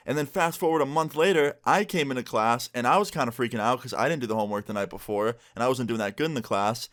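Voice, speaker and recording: A young man telling a story from his school days in a relaxed, slangy way, filler words throughout. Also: mid-range voice. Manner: laid-back, slangy, lots of "like" and "bro". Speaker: YouTuber. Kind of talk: casual storytime vlog.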